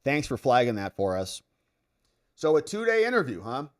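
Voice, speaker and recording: Male livestream host, lively pitch, chatty, reads chat out loud. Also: moderate pace. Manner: reads viewer comments aloud and reacts.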